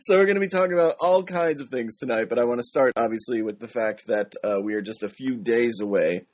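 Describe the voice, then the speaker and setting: A young man co-hosting a podcast, reading the show plugs and chatting in a joking, relaxed way. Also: medium pitch, fast. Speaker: podcast co-host. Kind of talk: casual podcast chat.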